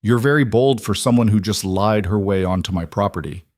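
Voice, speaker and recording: A man voicing a severe aristocrat who speaks flatly and curtly. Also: on the low side, fairly quick, no echo, studio quality, lightly acted. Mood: cold. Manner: flat, curt. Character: cold, severe male aristocrat.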